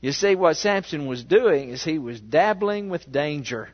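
Guy preaching slow in a church, kinda high voice, big echo, dull sound. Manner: animated storytelling with rhetorical questions. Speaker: pastor. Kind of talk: sermon. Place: church sanctuary. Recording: echoey, dull church recording.

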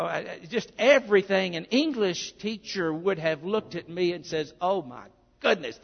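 A male pastor delivers a sermon in a high, gravelly voice. He keeps it earnest and conversational, with plenty of asides. The recording is dull and muffled, with a long church-hall reverb trailing his words. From Arkansas, US.

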